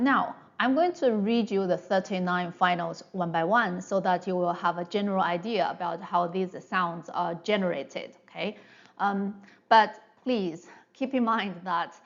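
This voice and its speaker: A woman's voice: medium pitch, muffled recording. A woman teaching Mandarin pronunciation in an online lesson. She explains patiently and drills each sound one by one.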